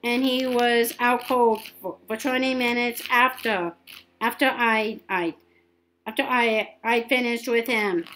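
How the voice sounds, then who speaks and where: A woman's voice: fairly high pitch, fairly even intonation, fairly bright tone, rough recording. A woman reading a sneering teenage bully. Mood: taunting. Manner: halting, repeats words.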